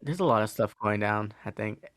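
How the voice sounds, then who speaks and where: A man's voice: fairly low pitch, animated, brisk, no echo. Hesitant man, dry close sound. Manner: hesitant, many fillers and restarts. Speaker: podcast co-host. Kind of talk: casual chat, telling a case.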